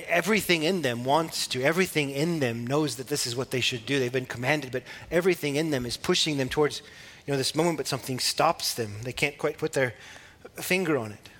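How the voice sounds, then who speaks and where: A preacher teaches from the Bible in a relaxed, conversational style, with small laughs and restarts. He speaks a little fast in a medium-pitched male voice.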